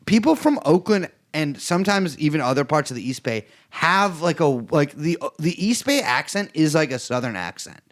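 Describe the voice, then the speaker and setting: A young man from the East Bay co-hosts a podcast, rambling through casual, profane political chat. He stumbles over restarts and his pitch bounces lively and high. The delivery is loose and talky. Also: moderate pace, few pauses. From East Bay, California. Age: young adult. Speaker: podcast co-host.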